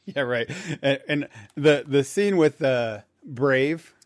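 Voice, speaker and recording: A man's voice: mid-range voice, expressive, takes it slowly. A man co-hosting a podcast in casual chat, laughing often and repeating words as he thinks. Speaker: podcast co-host.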